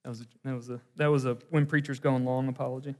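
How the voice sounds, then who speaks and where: A man's voice: medium pitch, fast talker. Man preaching in a reverberant hall. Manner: conversational, animated preaching with asides. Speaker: pastor. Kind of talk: sermon.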